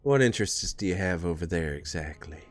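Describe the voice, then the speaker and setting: Shrewd southern-drawling figure as a man voices him, sly and guarded, low-pitched voice that swoops with lively intonation. A tabletop game character sound, with faint music playing behind. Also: a little fast. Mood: wry. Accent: American Southern (put on). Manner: drawling, calls people sugar.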